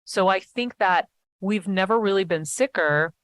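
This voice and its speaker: A woman guest in a casual interview chat, talking eagerly in animated bursts with quick restarts. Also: mid-range voice, clean tone, dry recording.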